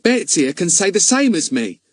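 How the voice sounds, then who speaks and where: In a clean studio recording with no echo, a man voices an eager, earnest boy for an audiobook. He pushes his voice higher than his natural pitch, keeping it very animated at a moderate pace.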